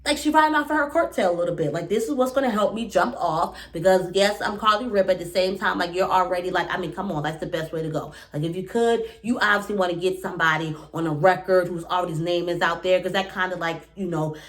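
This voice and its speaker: In a lowish voice, a woman breaks down a reality show episode with quick, excited commentary. It's a casual reaction recap loaded with fillers and asides.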